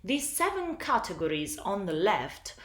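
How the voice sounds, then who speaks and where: Slow, lively woman teaching. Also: medium pitch, echoey room. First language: Italian. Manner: slow, deliberate teaching delivery. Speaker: English teacher. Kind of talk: recorded lesson narration.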